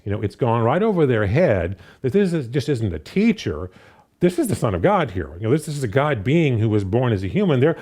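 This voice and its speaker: A man preaching a sermon in an easygoing, conversational manner, full of restarts and "you know" fillers. His voice is mellow and warm, and his pitch rises and falls a lot as he reads scripture and acts out the speakers in it. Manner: reads scripture aloud and paraphrases it with animated voices.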